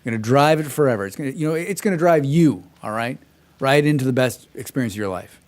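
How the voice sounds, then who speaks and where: A man doing a corny, smooth-talking car salesman who hurries through his pitch. The voice sits at an ordinary middle pitch and keeps piling on praise. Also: animated, quick pace, a little mellow, lightly acted. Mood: pushy, salesy. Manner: pushy, over-the-top sales pitch.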